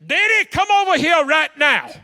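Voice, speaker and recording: A woman's voice: on the high side, normal speed, fairly bright tone. A male pastor voicing a blunt, bossy woman from the streets who speaks plainly and demands what she wants, with folksy grammar. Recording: long hall reverb.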